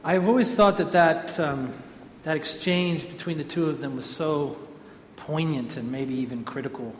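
This man's voice sits on the high side as he addresses a group at a moderate pace, telling rambling devotional stories he frequently restarts and corrects. The hall echoes with faint ambience, and there's a touch of hiss or hum.

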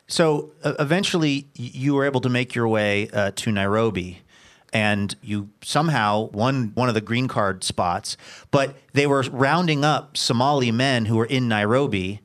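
A man's voice: mid-range voice, moderate pace, fairly bright tone. A man hosting an interview, asking informal prompting questions. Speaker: interview host. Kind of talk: radio interview.

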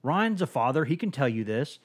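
A man's voice: mid-range voice, sing-song, brisk, husky. A man co-hosting a sports podcast, joking and teasing at length before getting to the analysis. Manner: joking, teasing, long-winded. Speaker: podcast co-host. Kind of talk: casual sports podcast chat.

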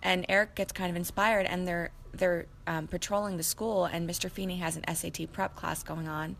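A woman's voice: lowish voice, fairly even intonation, vocal fry, a bit bright, slight background noise. A young woman co-hosting a podcast, recapping episodes in a rambling, emotional, casual way. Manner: rambling, emotional, quick to laugh. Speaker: podcast co-host.

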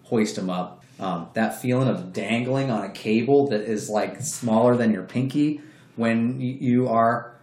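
A man's voice: medium pitch, a little slow, darkish tone. A man telling a story in a casual, profane way, acting out the voices of the people he quotes. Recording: roomy echo.

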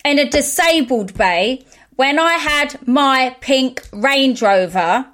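A woman talks in a fairly high voice, chatting casually on a podcast. She tells stories with indignation and acts out what people said to her. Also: lively intonation, takes it slowly, a bit bright. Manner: indignant storytelling, acting out quotes. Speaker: podcast co-host. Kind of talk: casual chat.

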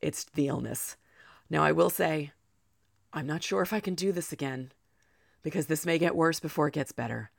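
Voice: mid-range voice, moderate pace, creaky, pauses often, no room sound, studio quality. A podcast host talking through a solo sports show, out of breath and chatty, with personal asides.

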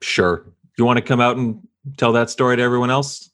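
A man's voice: mid-range voice, flat delivery, fairly quick, a bit bright. A man playing his character in a tabletop game, dry and matter-of-fact. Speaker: player. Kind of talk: in-character tabletop role-play.

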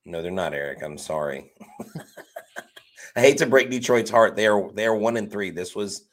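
A man co-hosting a sports podcast, talking in an animated, joking and emphatic way. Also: fairly low pitch, unhurried. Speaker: podcast co-host. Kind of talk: casual sports podcast chat.

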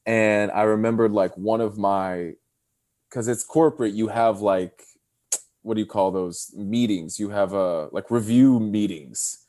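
A man's voice: fairly low pitch, measured pace. A man in his thirties on a video call, telling stories in casual chat and acting out the voices of people he quotes. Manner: animated storyteller, acts out quotes. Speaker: podcast guest.

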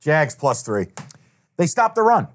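Man, betting podcast co-host, casual banter, profane, animated. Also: a little high, measured pace. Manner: animated, profane, acts out others' lines.

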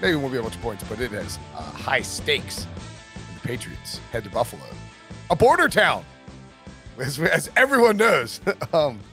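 A man's voice: medium pitch, big pitch swings, normal speed, pushed and bright, faint music behind. A man hosting a sports podcast, chatting casually, joking and laughing often. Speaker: podcast host.

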